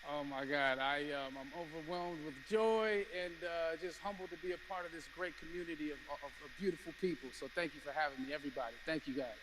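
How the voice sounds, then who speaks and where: A man being interviewed as a guest at a live event, excited and stumbling over his words. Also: on the high side, quick pace, hardly any pauses. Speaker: guest actor at an in-game event. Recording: noisy game-stream audio.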